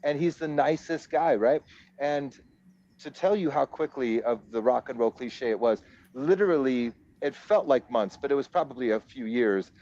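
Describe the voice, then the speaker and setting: A man in his forties, a musician guest, telling his story in a rambling, animated way and laughing at himself. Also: mid-range voice, moderate pace. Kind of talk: casual storytelling interview. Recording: dull lo-fi audio.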